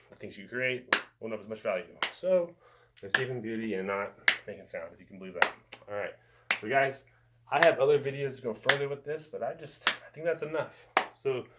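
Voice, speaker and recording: Man chanting fruit rhythms in a lesson. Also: medium pitch. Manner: chants fruit words to rhythms, chatty asides. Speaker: music teacher. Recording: noisy home recording.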